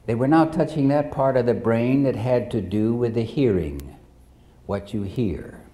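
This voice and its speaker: A man preaching a sermon as pastor, telling a story in a measured way and speaking directly to the congregation. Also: mid-range voice, dark tone.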